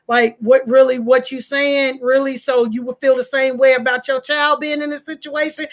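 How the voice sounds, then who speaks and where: A high-pitched woman talks straight to her viewers in a casual commentary show. She argues with passion and emphasis, and her pitch climbs whenever she gets worked up. Her voice sits well above that of most women. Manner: passionate, emphatic, rising in pitch when outraged. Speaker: online talk show host.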